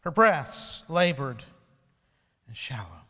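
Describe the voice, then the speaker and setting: A male pastor delivering a sermon, telling a story slowly and solemnly. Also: mid-range voice, sing-song, sharp tone, in a large hall.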